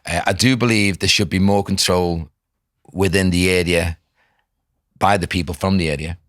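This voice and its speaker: A man's voice: sits low, fairly even intonation, normal speed, fairly bright tone, dry recording, studio quality. A middle-aged man, a guest talking earnestly and emphatically in a casual conversation. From Liverpool. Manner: earnest, emphatic, restarts phrases.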